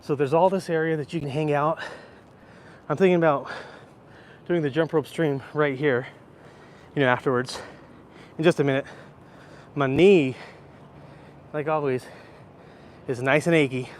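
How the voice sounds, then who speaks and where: His voice sits a little high and stays steady, unhurried, broken by long pauses, with a little hiss or hum on the audio. He's a man in his thirties walking with a handheld phone on a live stream, rambling casually through viewers' questions. The setting shifts from an indoor library to an outdoor rooftop.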